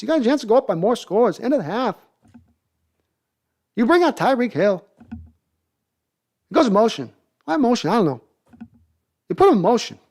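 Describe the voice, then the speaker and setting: A man doing a halting, mocking celebrity impression that scolds a coach in short, clipped bursts. The voice sits well above his own natural pitch and lurches between phrases with odd pauses. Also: heavily acted.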